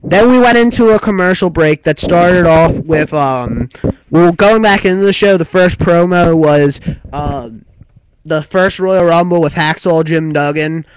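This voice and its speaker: High-voiced man rambling casually. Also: a little slow, clean tone, rough recording. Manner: rambling and loose, lots of "like" and "um", casual swearing. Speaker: co-host of a wrestling talk show. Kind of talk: casual chat recapping a wrestling broadcast.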